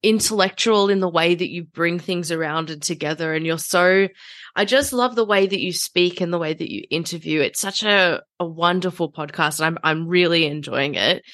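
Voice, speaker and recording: A woman's voice: on the low side, normal speed, a bit bright, no echo, clean studio sound. A woman hosting a podcast interview, chatting casually and enthusiastically, often laughing as she praises her guest. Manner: gushing, enthusiastic, frequent laughter. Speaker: podcast host.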